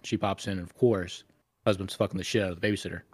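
A man with a fairly low voice co-hosts a casual podcast, rambling and cursing as he recounts a story. The sound is dry and close, with little room echo. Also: fairly even intonation, fast, slightly rough. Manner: crude, rambling retelling with profanity. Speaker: podcast co-host.

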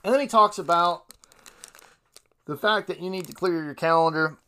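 A man's voice: fairly high pitch, moderate pace, pushed and bright, clean tone. A young man from Ohio hosting a podcast on his own, talking casually in a rambling, self-deprecating way and reading quotes aloud. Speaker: podcast host. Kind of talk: solo casual podcast commentary.

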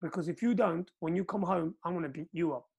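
A man's voice: high voice, fast talker, vocal fry, breathy edge. A man from Portugal hosting a casual chat, telling a story and acting out the quotes with energy. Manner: animated storyteller, acts out quotes.

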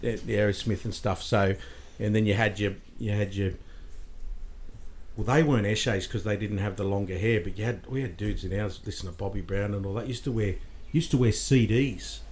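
A man's voice: fairly low pitch, fairly even intonation, moderate pace, a little mellow. An Australian man in his forties, a podcast guest, telling stories in casual, bantering chat. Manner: bantering storyteller, says mate a lot.

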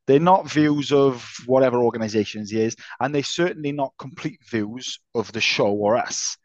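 A man's voice: mid-range voice, moderate pace, few pauses, no echo. A man co-hosting a podcast, talking casually and teasing his co-host, with the odd swear word. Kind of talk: casual chat. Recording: slightly dull lo-fi sound.

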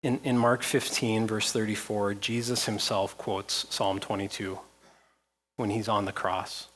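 A man's voice: fairly low pitch, level tone, a little slow, fairly bright tone, husky. A man preaching a sermon as pastor, reading scripture aloud with rising intensity and repeating phrases.

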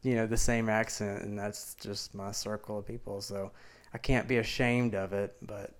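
Smooth-voiced Southern man, laid-back. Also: lowish voice, flat delivery, normal speed. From Mississippi. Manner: laid-back, blunt, swears freely. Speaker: podcast co-host. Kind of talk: casual podcast chat.

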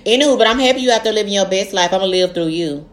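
A young adult woman co-hosting a casual podcast, telling stories in a fast, animated way with lots of cursing. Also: medium pitch. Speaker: podcast co-host. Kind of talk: casual chat.

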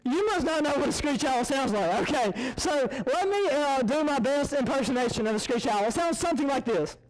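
High-voiced young man telling a story. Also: a little fast, noisy background. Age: young adult. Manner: animated, rambling, self-interrupting. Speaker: college student speaker. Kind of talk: casual storytelling talk.

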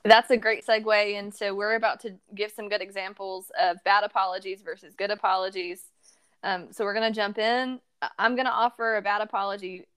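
Brief: female podcast counselor, mid pitch, friendly and affirming, leads into examples casually. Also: little pitch movement, fairly quick, fairly bright tone, clear, resonant tone. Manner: friendly, agreeing, sets up examples. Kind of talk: conversational podcast advice.

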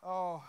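A male pastor preaching a sermon, fervent and colloquial, moving between hushed talk and shouted declarations. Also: background noise.

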